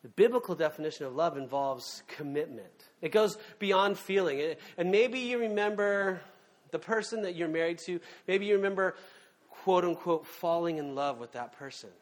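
A man preaching a sermon in a relaxed, conversational way, full of fillers and asides. He leans into key words with emphasis, and his voice sits on the higher side. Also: normal speed. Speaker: pastor.

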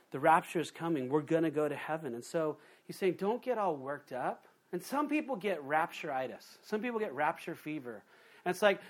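Male pastor delivering a lively sermon, slightly higher voice, punches key lines and drops low for asides. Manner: animated, swings from loud emphasis to quiet asides, acts out quoted voices.

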